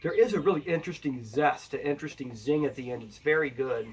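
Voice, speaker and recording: A man's voice: a little high, fast talker, a little hiss or hum. Rambling man reviewing whiskey. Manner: rambling, chatty, addresses viewers directly. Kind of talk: casual review vlog. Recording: voice a bit far from the mic.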